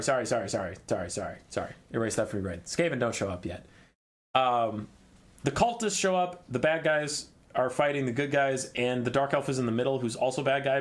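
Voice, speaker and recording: A man hosting his channel, casually summarizing a fantasy novel in a rambling, irreverent, swearing style. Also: medium pitch. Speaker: channel host.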